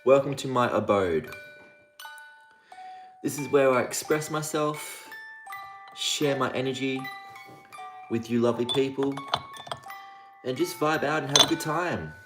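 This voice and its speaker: Laid-back stream host, unhurried, rhyming sing-song delivery, music loud behind. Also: medium pitch. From Australia (Victoria). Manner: sing-song rhyming patter, greets chatters by name. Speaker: livestream host. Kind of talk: casual livestream chat. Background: music playing.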